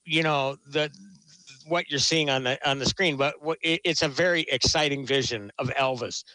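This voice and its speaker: Talking about a film as a guest critic, this man rambles with enthusiasm and keeps restarting sentences in a casual chat. He has a fairly high, sharp-toned voice at a moderate pace, captured on a low-quality recording with no room sound.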